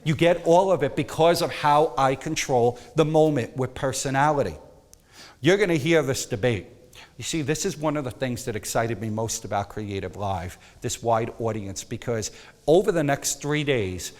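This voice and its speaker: A man's voice: medium pitch, moderate pace. Emphatic man teaching in a hall. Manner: emphatic, animated, drops to soft coaxing when demonstrating. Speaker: photography instructor. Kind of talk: energetic workshop teaching.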